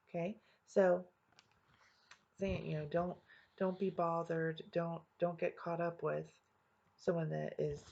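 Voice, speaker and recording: Husky, gravelly woman teacher. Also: lowish voice, darkish tone. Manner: patient, explains step by step, often says "all right". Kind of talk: reading lesson for young students. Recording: dull lo-fi home recording.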